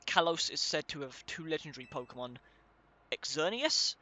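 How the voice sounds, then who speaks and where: A young let's play gamer with a fairly high, bright voice talks fast and forcefully in a steady tone. He comments casually while reading game text aloud, swearing now and then and tripping over difficult names.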